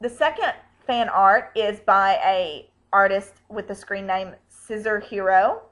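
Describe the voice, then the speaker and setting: A woman's voice: medium pitch, slow pace, fairly bright tone, rough recording. A woman hosting a fan vlog, chatting casually in a bubbly, gushing way. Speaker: vlog host.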